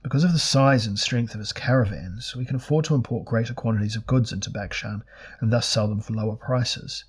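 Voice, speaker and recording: A man's voice: on the low side, fairly quick, slightly rough. A man reading a scrawny, aggrieved merchant. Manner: insistent, aggrieved. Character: merchant spokesman, scrawny, intense, overdressed man.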